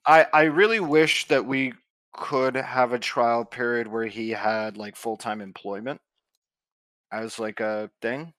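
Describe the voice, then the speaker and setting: A man's voice: mid-range voice, fairly even intonation, measured pace, a bit bright, no echo. A man chatting casually, wry and matter-of-fact. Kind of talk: casual chat.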